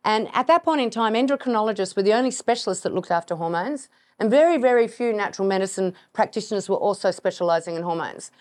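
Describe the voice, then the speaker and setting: Middle-aged aussie woman podcast host, telling her own story, animated, laughs a lot, mid pitch. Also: fast. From Australia. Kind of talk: personal storytelling monologue.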